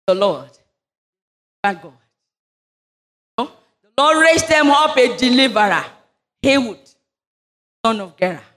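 High-voiced woman preaching fervently. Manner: fervent, rising into loud declarations during prayer. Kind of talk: sermon with prayer.

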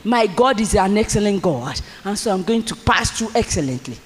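A preacher delivering a fervent sermon, repeating lines for emphasis and often bursting into shouts. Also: mid-range voice, animated, normal speed, long reverb tail, a little hiss or hum.

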